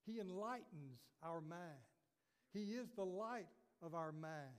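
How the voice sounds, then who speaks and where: A man's voice: fairly high pitch, expressive, slow, smooth. A man pastor preaching a sermon earnestly, quoting scripture and asking rhetorical questions. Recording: long reverb of a church hall.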